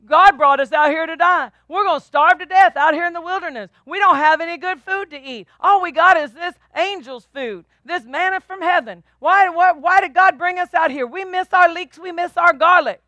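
A woman's voice: very high voice, moderate pace, few pauses, no room sound, voice pushed up. A woman doing whiny, grumbling desert wanderers. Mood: whining. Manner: whiny, complaining, loud. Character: whining, grumbling desert wanderers complaining of hunger.

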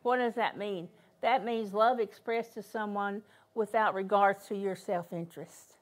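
A woman's voice: medium pitch, fairly even intonation, unhurried. An older woman preaching in a church, telling a story with emphatic repetition. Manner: storytelling, emphatic, repeats key phrases. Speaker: guest minister. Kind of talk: sermon.

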